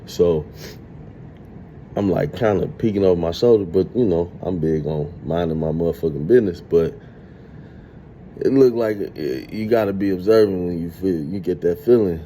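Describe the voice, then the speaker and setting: A man in his thirties telling a streetwise, profane story in a casual, animated monologue. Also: sits low, normal speed, slight background noise. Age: 30s. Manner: streetwise, profane, animated retelling with acted quotes.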